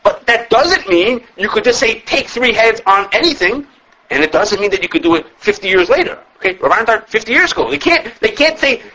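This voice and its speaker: A man's voice: sits high, animated, fast talker, hardly any pauses, sharp tone, slightly rough, low-quality recording. A man teaching a classroom Talmud lesson. He explains animatedly, restarting phrases and checking in with the students. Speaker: Torah teacher.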